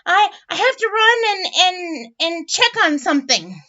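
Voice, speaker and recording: A woman's voice: very high voice, big pitch swings, a little slow, pushed and bright, pitched above the performer's own voice, heavily acted. A woman voicing a polite female otter who stammers as she hurries off. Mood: flustered. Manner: flustered, stammering excuses. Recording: dull lo-fi recording.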